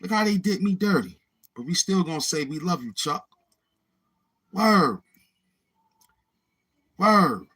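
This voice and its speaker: Slow, husky man laughing through a livestream. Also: sits high, expressive, fairly bright tone. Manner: breaks into long fits of helpless laughter. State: laughing to tears, short of breath. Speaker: livestream host. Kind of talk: casual livestream chat.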